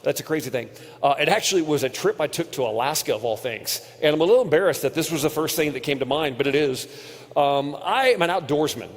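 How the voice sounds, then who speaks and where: Male preacher, fairly high voice, earnest storyteller, long hall reverb. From United States. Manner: earnest storytelling, drops quiet on painful moments. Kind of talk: conference sermon with personal story. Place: large hall.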